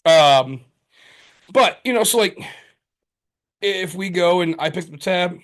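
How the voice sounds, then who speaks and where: A man co-hosting a podcast in casual chat, rambling and profane with lots of fillers and animated storytelling. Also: high voice, a little slow. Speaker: podcast co-host.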